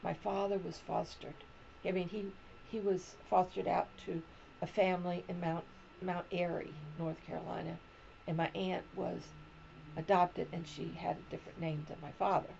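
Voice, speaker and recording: A woman's voice: fairly low pitch, flat delivery, normal speed, gravelly, darkish tone, highs cut off, a little hiss or hum. A woman in her seventies, hosting a crochet show, telling family stories in a rambling, casual chat from home. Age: 70s. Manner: rambling personal storytelling. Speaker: crochet podcast host.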